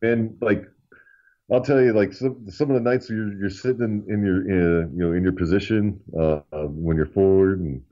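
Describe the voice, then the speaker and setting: Man, low voice, podcast host, casual, profane, halting, muffled lo-fi audio. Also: fairly even intonation, dark tone. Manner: profane, hesitant with fillers. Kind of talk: casual chat.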